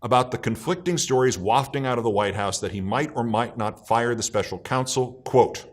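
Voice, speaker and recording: A man with a mid-range voice delivers scripted political commentary, emphatic and scornful, slowing down to stress key words.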